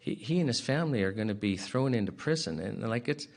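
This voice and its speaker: Speaking fast in a lowish voice with lively intonation, a man retells a parable at a public inquiry. He is earnest and plain-spoken, adds offhand asides, and frequently clears his throat between phrases.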